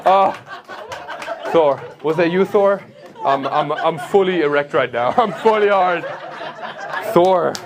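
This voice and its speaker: German comedian guy riffing on the crowd, bouncy lively voice, kinda high, crowd laughing loud. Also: slow pace, long pauses. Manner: brash, teasing, laughs at own jokes. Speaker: stand-up comedian. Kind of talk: stand-up crowd work. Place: comedy club stage with audience.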